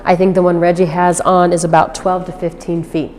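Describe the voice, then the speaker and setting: A woman dog trainer explaining a leash walk outdoors, breaking into high-pitched praise for the dog. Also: flat delivery, brisk, a little mellow, long reverb tail. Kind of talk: instructional demonstration.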